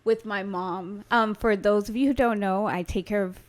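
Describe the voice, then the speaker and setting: Woman, thirties, mid-pitched voice, warm, heartfelt, chatty. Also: steady tone, moderate pace. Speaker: podcast co-host. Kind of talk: casual chat.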